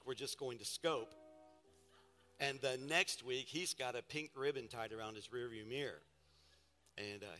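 A male pastor preaching a live sermon, telling playful stories and calling out to the congregation. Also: mid-range voice. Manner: storytelling, playful and animated, calls out to the congregation. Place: large church hall. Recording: live sermon in a reverberant hall with faint music.

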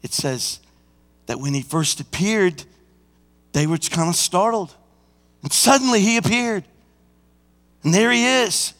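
A senior pastor preaching a sermon, swinging from hushed, intimate passages to shouted climaxes, sometimes singing and acting out scenes. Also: male voice, high-pitched, in a large hall. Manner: breaks into song and acts out scenes. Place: church sanctuary.

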